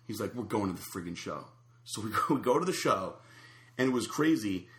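Guy rattling off a story fast, lowish voice, roomy echo, does all the quotes. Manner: animated storyteller acting out quotes. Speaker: storyteller guest. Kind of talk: casual chat, anecdote.

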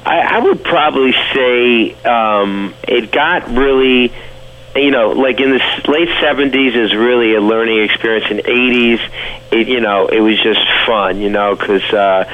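A man's voice: medium pitch, unhurried, narrow, tinny audio. A man with a New York accent, a guest telling stories in a casual interview. He rambles with fillers and restarts.

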